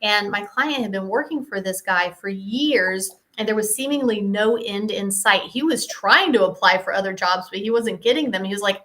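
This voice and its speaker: A woman's voice: medium pitch, normal speed, hardly any pauses, a bit bright. A woman hypnosis practitioner telling stories in a casual Q&A. She acts out the dialogue, leans on "like" a lot, and laughs through the punchlines. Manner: chatty, acts out quoted dialogue, frequent "like". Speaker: hypnosis practitioner and course founder. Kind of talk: casual storytelling Q&A.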